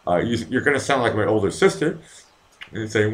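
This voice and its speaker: Male streamer host, deep voice that swings up and down a lot, profane chatty rambling; casual live-show presenter. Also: very animated, brisk. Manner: rambling, profane, easily distracted; puts on silly voices for quoted comments. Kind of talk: casual live-stream chat, reading viewer comments.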